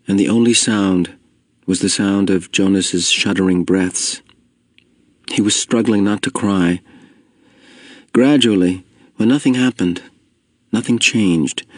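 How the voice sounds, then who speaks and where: Low-voiced male narrator, dry close sound. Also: dry recording. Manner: steady, measured reading, slowing at heavy moments. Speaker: audiobook narrator. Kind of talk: scripted narration.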